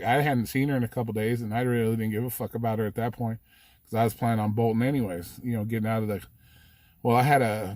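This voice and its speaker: A man's voice: mid-range voice, a little mellow, no echo. A man hosting a livestream, telling rambling stories in a casual way with heavy swearing. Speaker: livestream host. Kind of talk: casual storytelling.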